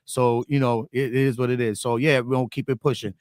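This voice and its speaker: A man's voice: medium pitch, little pitch movement, a little fast, darkish tone, no room sound, clean studio sound. A man hosting a casual sports podcast, talkative and prone to repeating words as he builds a point. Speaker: podcast host.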